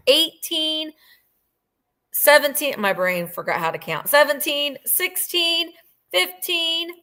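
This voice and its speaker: A middle-aged woman hosting a live sale in a bright, forceful voice that sits a bit above the usual pitch. She chats loosely and gushes over every detail. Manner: chatty, gushing, describes items at length. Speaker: host of a live vintage sale. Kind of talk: casual live-sale chat.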